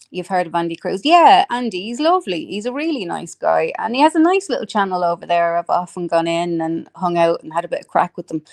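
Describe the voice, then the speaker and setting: An Irish woman chatting casually with viewers on a live stream, swearing freely, laughing a lot and reading out comments. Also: fairly low pitch.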